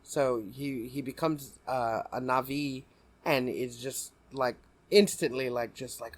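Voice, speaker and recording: A man's voice: medium pitch, steady tone, moderate pace. A young man co-hosting a podcast, rambling and laughing through casual chat. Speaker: podcast co-host.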